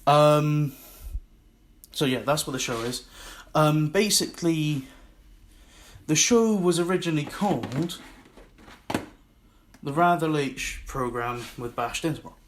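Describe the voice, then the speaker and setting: Scottish guy rambling thru his solo podcast, slow and chatty, swears a bit. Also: a little high, lively intonation, slight background noise. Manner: rambling, self-mocking, swears. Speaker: podcast host. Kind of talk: casual solo podcast monologue.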